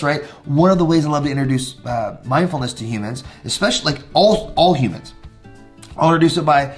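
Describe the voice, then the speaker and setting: A man's voice: mid-range voice, fast talker, soft background music. Upbeat man coaching breathing exercises. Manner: upbeat, coaching, acts out exercises and quotes children. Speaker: mindfulness teacher. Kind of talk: teaching educators breathing exercises.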